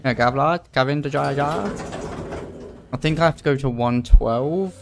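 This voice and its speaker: A laid-back man talking through a game with a friend, teasing back and swearing freely. His voice sits in an ordinary mid pitch, easygoing and unhurried. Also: gravelly, noisy background. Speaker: let's play co-host. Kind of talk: casual gaming chat.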